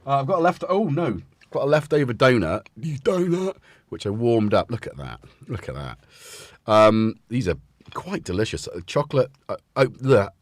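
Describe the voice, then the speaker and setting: A man's voice: medium pitch, very animated, normal speed, no echo, studio quality. A man hosting a casual home livestream, chatting in a rambling way and tripping over his words. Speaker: livestream host. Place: room at home. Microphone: desk mic with headphones.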